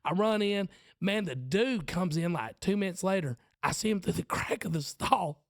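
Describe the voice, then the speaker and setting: A man's voice: high-pitched, expressive, normal speed, dry recording, clean studio sound. A man in his forties with a Southern accent, a podcast host and preacher telling a self-mocking story in casual chat. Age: 40s.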